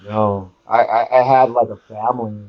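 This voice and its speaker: A man talking casually as an interview guest, recounting his experiences and acting out quotes with sudden jumps in pitch. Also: fairly even intonation, normal speed. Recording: dull lo-fi audio.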